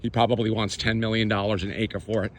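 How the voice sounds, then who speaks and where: A man's voice: lowish voice, level tone, fast talker. A man walking through his own neighborhood outdoors, chatting to the camera in a casual, sarcastic way. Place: outdoors on city streets.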